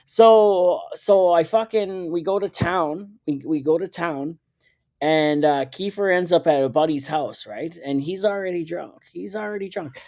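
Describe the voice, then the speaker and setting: A man's voice: a little high, a little slow, a little mellow. A man, hosting a podcast and telling a story in a rambling, profane way, often correcting himself. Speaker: podcast host. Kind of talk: casual storytelling.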